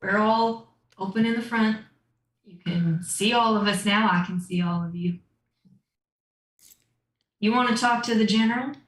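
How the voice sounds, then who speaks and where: A man's voice: high voice, unhurried, long pauses, a bit bright, roomy sound, rough recording. A woman doing a stern Southern bandit lieutenant. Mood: commanding. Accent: attempted Southern US. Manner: firm, bargaining, gives orders. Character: male bandit second-in-command, stern and guarded.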